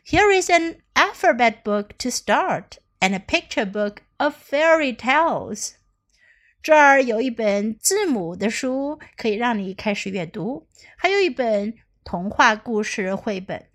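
A woman's voice: fairly high pitch, animated, unhurried. A woman reading as a kind book-wagon lady. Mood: encouraging. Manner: gentle and encouraging.

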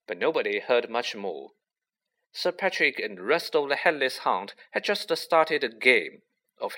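A man narrating a storybook in a measured, expressive reading. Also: medium pitch. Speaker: audiobook narrator.

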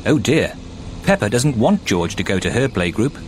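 A man's voice: medium pitch, very animated, moderate pace, a little hiss or hum. A man giving the scripted narration for a children's cartoon in a storybook manner.

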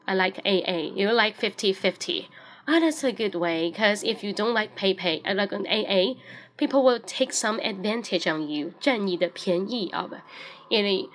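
A woman's voice: medium pitch, fairly bright tone. Chinese woman teaching English on a livestream. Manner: switches between Chinese and English, spells words out letter by letter. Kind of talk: casual bilingual livestream chat.

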